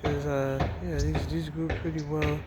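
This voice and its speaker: Guy filming his garden outside, slow easygoing rambling, kinda high voice, lots of street noise. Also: flat delivery. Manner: laid-back, rambling, chuckles to himself. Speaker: gardening vlogger. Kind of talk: casual walkthrough narration. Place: outdoor home garden and front porch. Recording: outdoor clip with loud traffic noise. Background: loud traffic and street ambience.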